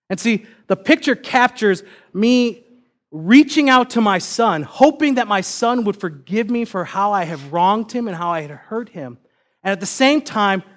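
High-voiced young pastor telling a story. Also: male voice. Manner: conversational, self-deprecating storytelling. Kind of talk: sermon with personal story.

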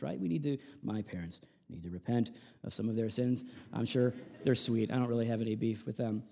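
Conversational male preacher, quiet to emphatic. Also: on the high side, expressive, moderate pace, creaky, few pauses. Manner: conversational preaching with many asides and rhetorical "right?"; swings from hushed asides to loud emphatic peaks. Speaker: pastor. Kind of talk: sermon.

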